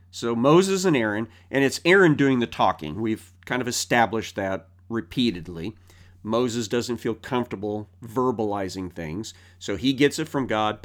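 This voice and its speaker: A man teaching through a Bible passage verse by verse, explaining in a thoughtful way with frequent fillers. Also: on the low side.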